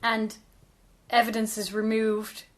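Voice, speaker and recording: A woman with a Northern English accent co-hosting a podcast, reacting quickly and chatting casually about a book. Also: on the high side. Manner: lively, laughs often, quick reactions. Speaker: podcast co-host.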